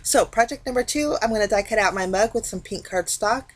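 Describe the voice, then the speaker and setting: A woman's voice: medium pitch, fairly quick. Woman, craft tutorial voice-over, casual, chatty, step-by-step explaining. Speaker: card-making crafter.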